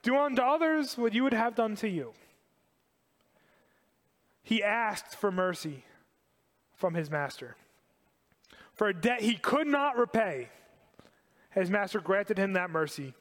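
Emphatic preaching man, high voice, big hall. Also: a little slow, long pauses. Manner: animated, emphatic preaching with repetition. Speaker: pastor. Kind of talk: sermon.

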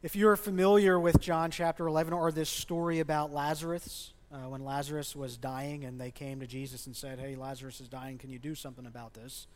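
A man's voice: fairly high pitch, little pitch movement, brisk, few pauses. A man preaching a sermon as a pastor in a church, speaking conversationally and asking the congregation questions. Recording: long reverb of a large hall.

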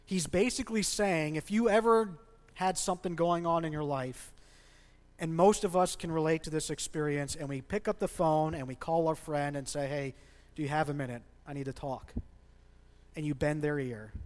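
A man's voice: a little high, moderate pace. A male pastor in his thirties preaching a sermon with passion, pushing hard on his key points. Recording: long hall reverb.

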